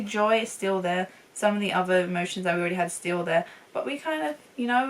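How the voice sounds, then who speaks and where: A woman's voice: medium pitch, recorded from a distance, rough recording. A young woman chatting casually and enthusiastically as a film reviewer, laughing often. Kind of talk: casual chat.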